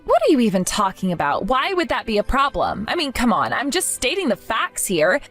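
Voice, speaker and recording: A woman's voice: fairly high pitch, wildly swooping pitch, a little fast, a bit bright, soft background music, heavily acted. A woman voicing a smug, condescending young sister-in-law who belittles others in a narrated story. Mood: dismissive. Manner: mocking and belittling. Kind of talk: narrated story role-play.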